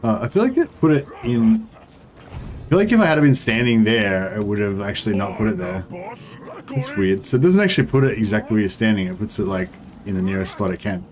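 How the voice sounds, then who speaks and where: A man's voice: on the low side, lively intonation, brisk, darkish tone. A man giving casual, rambling commentary as he plays a strategy game, with frequent ums and restarts. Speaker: gaming streamer.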